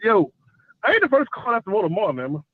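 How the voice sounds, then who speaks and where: A man's voice: high voice, sing-song, fast, dry recording. A male caller chatting loosely and jokingly on a call-in show, full of filler phrases. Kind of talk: casual call-in chat. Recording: tinny dry phone line.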